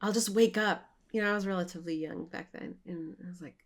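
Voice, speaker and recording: A woman co-leading an online mindfulness class, telling personal stories in an animated way and laughing as she talks. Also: on the low side, quick pace, few pauses. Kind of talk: casual storytelling chat. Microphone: online video call.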